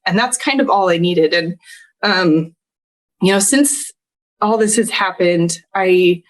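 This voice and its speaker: A woman's voice: fairly low pitch, slow. A woman in her thirties, a podcast guest, telling an emotional personal story with earnest, heartfelt feeling, often close to tears and laughing through it.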